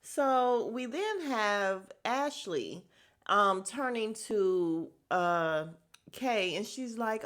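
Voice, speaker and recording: A woman's voice: mid-range voice, animated, extremely slow, a bit bright. A young woman hosting a casual podcast, animatedly recapping a reality show, laughing, swearing and mimicking the cast. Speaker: podcast host.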